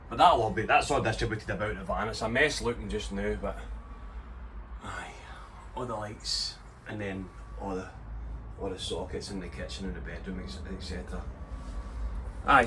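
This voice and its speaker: A man's voice: lowish voice, fairly bright tone, a little hiss or hum, low-quality recording. A Scottish man chatting casually as he explains his work inside a van he is converting. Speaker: vlogger building a campervan. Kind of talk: casual walkthrough vlog.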